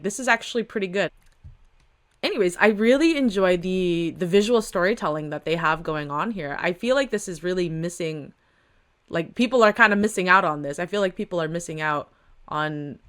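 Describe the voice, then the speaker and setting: A woman's voice: on the low side, a bit bright. A young woman chatting casually and laughing as she reads and comments on a webtoon. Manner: chatty, giggly, lots of fillers. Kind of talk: casual read-along commentary.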